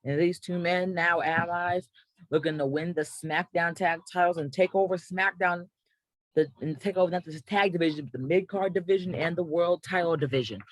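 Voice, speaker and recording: Brisk and high-pitched, with a steady tone, this gaming channel host runs a mock wrestling draft in pumped-up announcer style and occasionally fixes his own slips. The audio is poor and dry, with no room sound.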